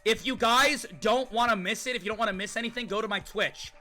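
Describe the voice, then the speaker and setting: A young man streaming a video game live, talking excitedly to his chat and often shouting in disbelief. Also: high voice. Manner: hyped, shouting at chat, rapid exclamations. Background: game music.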